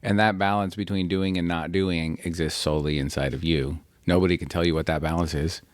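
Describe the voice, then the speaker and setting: A man hosting a podcast and talking with his son, reflective and gently joking. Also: deep voice, fairly even intonation, fairly quick, no room sound. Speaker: podcast host, father. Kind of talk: casual chat.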